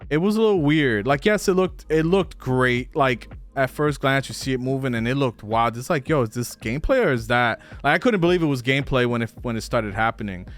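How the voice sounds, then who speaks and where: A man's voice: mid-range voice, brisk, few pauses, faint music behind. A man hosting a casual podcast, talking loosely and rambling, with some cursing. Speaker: podcast host. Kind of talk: casual chat.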